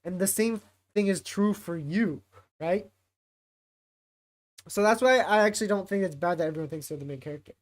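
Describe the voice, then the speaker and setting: A man casually talking on a livestream, rambling and thinking out loud with lots of fillers and restarts. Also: sits high, moderate pace, pauses often. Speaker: streamer.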